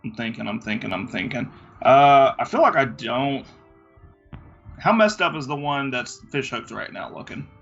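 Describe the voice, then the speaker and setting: A man playing in a tabletop game, casual and joking, thinking out loud about his moves. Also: medium pitch, animated, normal speed, creaky, dull audio, soft background music. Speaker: player.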